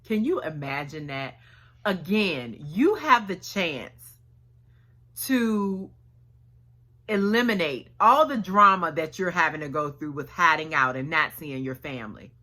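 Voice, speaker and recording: A woman's voice: sits low, lively intonation, a little slow, bright, forceful tone. A woman preacher giving a sermon, retelling a story with acted dialogue and casual slang.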